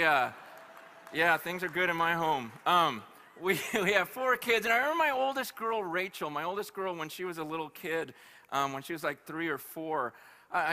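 A man preaching to a conference crowd in a high, bright voice. He tells stories in a lively, chatty way with touches of humor, and his tone stays crisp and forward. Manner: animated, conversational storytelling with humor. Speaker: pastor. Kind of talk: conference sermon. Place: live conference hall.

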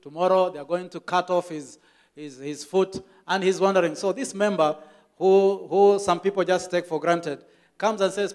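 A man's voice: sits high, steady tone, normal speed. A Kenyan man preaching a church sermon as the pastor, telling stories with emphatic repetition.

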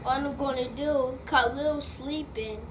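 A woman narrating a toy skit in a slow, rambling way. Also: high-pitched, steady tone, very noisy. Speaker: video maker. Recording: clear music behind.

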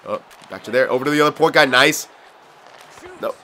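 A young man giving frustrated, excitable play-by-play commentary while playing a video game, swearing often. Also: mid-range voice, a little fast, a little hiss or hum. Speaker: gaming commentator.

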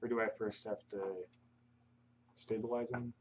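A soft-spoken, hesitant man playing a tabletop game, on a muffled lo-fi recording with clear hiss. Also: lowish voice, little pitch movement, moderate pace. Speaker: player.

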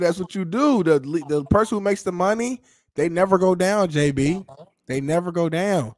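A man's voice: high voice, no room sound, clean studio sound. A male co-host on a talk show, speaking laid-back and street-wise. He swears casually and keeps an easy, informal rhythm.

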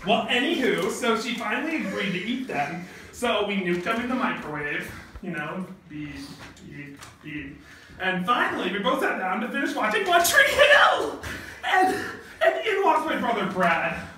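A gushing, ditzy teenage girl played by a man in a very high falsetto, swooping lively and bright. She chatters valley-girl style in a comedy skit, heard from afar in an echoey room with a little noise. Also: moderate pace, exaggerated voice. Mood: giddy. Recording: echoey room, far from mic, faint noise.

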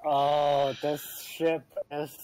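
A man's voice: on the high side, level tone, drawn-out words, a little mellow, dry recording, poor audio. A man chatting casually with a friend while playing a game. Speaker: gamer. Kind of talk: casual gameplay chat.

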